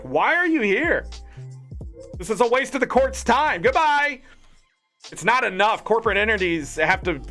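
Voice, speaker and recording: Bright-voiced man ranting on stream. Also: high-pitched. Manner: animated, indignant ranting. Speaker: gaming streamer. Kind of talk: ranting casual chat.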